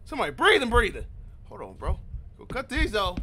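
A man playing through a horror game, reacting out loud in jumpy, slangy commentary and talking to himself. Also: high-pitched, huge pitch swings, a little fast, a little hiss or hum. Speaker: gaming channel host.

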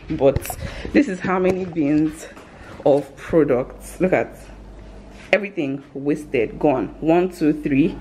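Excitable woman vlogging at home. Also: low-pitched, a little hiss or hum. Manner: bubbly, excitable, laughs often. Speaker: vlogger and new business owner. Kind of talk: casual vlog chat to camera.

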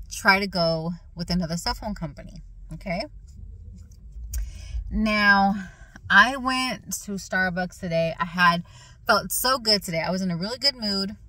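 Excited woman vlogging her faith testimony, chewing gum, keeps repeating herself, bright and punchy, dry close sound. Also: medium pitch, no room sound, rough recording. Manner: excited and animated, repeats phrases for emphasis; chewing gum while talking. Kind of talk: casual faith testimony vlog.

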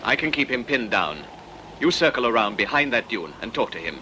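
A clipped, commanding British army lieutenant, played by a man, with a mid-pitched voice that moves widely. Music runs under the old film soundtrack. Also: very animated, fairly quick, very noisy, close to an everyday voice. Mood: stern. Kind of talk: film dialogue.

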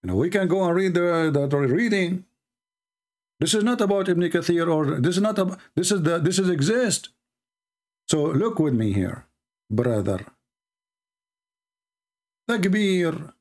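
A man's voice: on the high side, lively intonation, unhurried, long pauses, a little mellow. Man, religious debater, mocking polemical talk, taunting tone, slightly raised voice. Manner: sarcastic and taunting.

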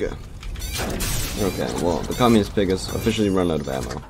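A young man giving joking gameplay commentary as a YouTuber, excitable and prone to bursts of yelling. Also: sits low, moderate pace, slight background noise. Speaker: gaming YouTuber.

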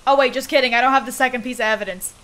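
A woman's voice: high voice, racing, pushed and bright. A woman streaming a horror game with friends, jumpy and squealing when scared. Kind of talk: casual gaming chat. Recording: noisy stream audio.

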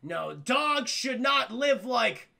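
A man doing an earnest young cartoon samurai, flustered and apologetic, who talks slowly in a bright, gravelly voice close to a plain speaking tone. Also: extremely high pitch, big pitch swings, pitched above the performer's own voice, heavily acted.

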